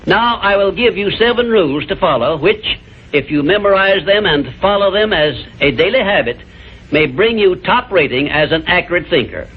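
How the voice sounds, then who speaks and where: Husky man lecturing over a tinny line. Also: high voice, animated. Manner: measured, emphatic, didactic. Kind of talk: motivational lecture. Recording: tinny lo-fi archival recording.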